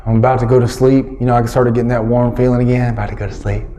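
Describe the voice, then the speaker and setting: A middle-aged man doing stand-up storytelling, animated and acting out scenes with big swings in his voice. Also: mid-range voice, very fast, a little hiss or hum. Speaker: stand-up comedian.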